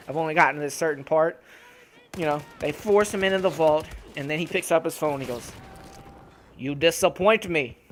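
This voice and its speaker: A young man with a slightly high voice rants casually over gameplay as a YouTuber. He swears constantly and gets worked up, breaking into laughs as he talks into a home desktop mic. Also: a little hiss or hum. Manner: profane, animated ranting with laughs. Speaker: gaming YouTuber.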